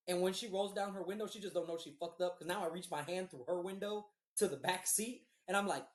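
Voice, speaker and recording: A man's voice: sits high, fairly quick. A man hosting a podcast, telling a story in a loose, rambling, profane way. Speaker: podcast host. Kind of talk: casual storytelling. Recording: roomy echo.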